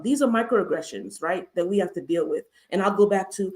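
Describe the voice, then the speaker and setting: A woman's voice: medium pitch, moderate pace, few pauses, warm tone. A woman hosting a livestreamed mental health talk, speaking emphatically with repeated rhetorical questions. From United States. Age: adult with a master's degree. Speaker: host, therapist.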